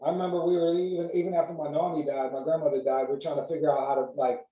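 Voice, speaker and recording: A man in casual podcast chat, telling stories in a profane, animated way. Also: on the high side, very fast, phone-quality sound. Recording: roomy sound, mic at a distance.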